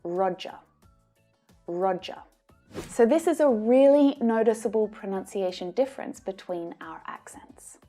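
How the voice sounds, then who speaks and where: A woman with an Australian accent teaching English pronunciation, modelling each sound slowly and carefully. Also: fairly high pitch, animated, dark tone, soft background music. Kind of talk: pronunciation lesson.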